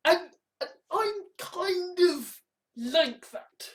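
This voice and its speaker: A woman's voice: extremely high pitch, extremely slow. A woman talking casually and profanely, acting out other people's reactions as she rants. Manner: profane, animated, acts out quoted reactions. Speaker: host. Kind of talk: casual ranting commentary.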